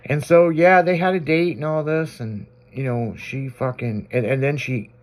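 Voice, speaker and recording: A man's voice: mid-range voice, steady tone, moderate pace. A man hosting a radio show, telling stories in casual banter with crude language and frequent laughter.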